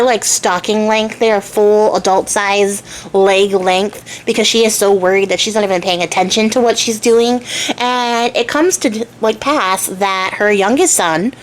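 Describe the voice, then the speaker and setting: A woman's voice: fairly high pitch, a little hiss or hum. A young adult woman hosting a casual storytelling vlog, retelling a folk tale with chatty, irreverent asides. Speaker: storyteller and craft channel host.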